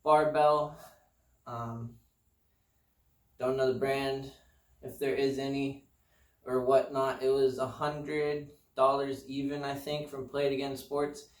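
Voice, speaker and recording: A man's voice: medium pitch, little pitch movement, takes it slowly, pauses often, far from the mic. Laid-back man, roomy and off-mic. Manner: laid-back, meandering, self-deprecating. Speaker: fitness vlogger. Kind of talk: casual rambling chat. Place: apartment home gym.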